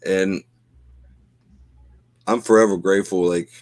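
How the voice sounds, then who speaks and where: Middle-aged male podcast co-host, low voice, dry close sound, earnest and rambling delivery. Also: fairly even intonation, a little slow, a little mellow, dry recording. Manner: emotional, heartfelt, rambling with many fillers. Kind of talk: casual chat.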